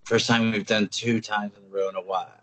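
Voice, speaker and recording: This man co-hosts a podcast and keeps the talk going in a relaxed, chatty way. His voice sits a little low. He often laughs between his remarks. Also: brisk, slight background noise. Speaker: podcast co-host. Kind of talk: casual chat.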